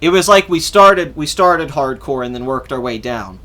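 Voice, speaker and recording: A man's voice: mid-range voice, lively intonation, normal speed, bright, forceful tone. A young adult man hosting a podcast, telling a long casual story in a rambling way, swearing freely and acting out what people said. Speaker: podcast host.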